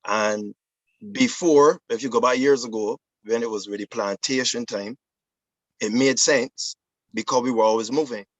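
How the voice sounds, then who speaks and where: A man's voice: mid-range voice, normal speed, no echo, rough recording. A man from Barbados with a Barbadian accent, speaking as a debate guest who lays out his argument earnestly and adds fillers along the way.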